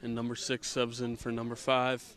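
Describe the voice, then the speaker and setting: Man, local access softball commentary, outdoors, camera mic, jokey and self-deprecating, drops to a hushed golf-announcer voice now and then. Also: mid-range voice, monotone, normal speed, a little hiss or hum. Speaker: amateur sports commentator. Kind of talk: casual softball play-by-play commentary. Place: outdoors at a softball field in light rain.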